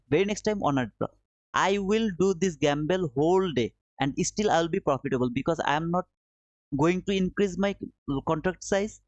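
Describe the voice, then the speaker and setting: A man's voice: a little high, no echo. Repetitive man teaching on a dull stream. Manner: repetitive, coaxing, addresses viewers as brother. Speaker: trading livestream host. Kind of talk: live-stream trading lesson. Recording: dull dry lo-fi stream audio.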